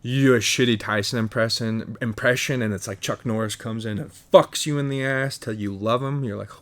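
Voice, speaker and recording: A man's voice: mid-range voice, fairly even intonation, normal speed, few pauses. A man hosting a podcast, musing in a profane, stream-of-consciousness comedic monologue full of restarts and stumbles. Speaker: podcast host.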